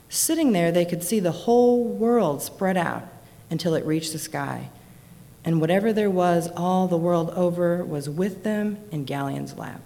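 A woman reads a children's story aloud in a gentle, expressive way. Her voice sits low, yet its pitch moves a great deal. The recording carries a long reverb. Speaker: narrator.

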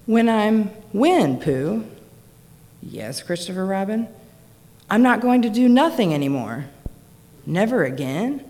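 A woman voicing a dreamy young boy, talking in earnest, halting phrases, with long reverb on the recording. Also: mid-range voice, sing-song, mellow, pitched above the performer's own voice. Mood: wistful.

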